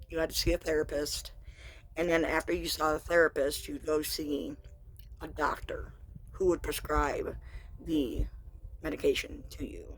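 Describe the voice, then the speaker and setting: A woman vlogger frankly recounting a personal story in a confessional, halting way. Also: low-pitched.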